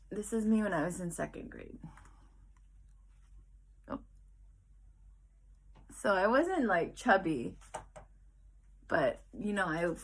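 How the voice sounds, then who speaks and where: A woman's voice: fairly low pitch, a bit bright. A young woman vlogging to camera about how she talks with her kids, earnest and rambling, often restarting sentences and acting out what she tells them. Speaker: vlogger, mother. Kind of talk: casual reflective talk to camera.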